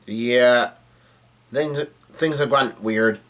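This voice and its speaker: A man talks through a comic chapter in a loose, unscripted way. He trips over words, restarts and fills gaps with "uh." His voice sits at an ordinary middle pitch. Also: a bit bright. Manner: halting, with many fillers and restarts. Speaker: manga reader recapping a chapter. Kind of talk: casual chapter recap.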